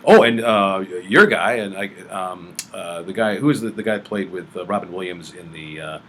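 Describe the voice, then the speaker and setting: A man's voice: deep voice, normal speed, fairly bright tone, slight background noise. A man in casual conversation who rambles and often stops to search for names. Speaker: guest with acting and production experience. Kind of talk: casual chat.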